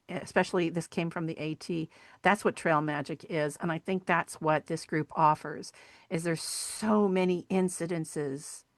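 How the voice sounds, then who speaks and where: Earnest woman telling stories, lowish voice. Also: no room sound, studio quality. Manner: earnest, animated storyteller acting out quoted voices. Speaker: podcast guest, sculptor and hiking group founder. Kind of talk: conversational storytelling interview.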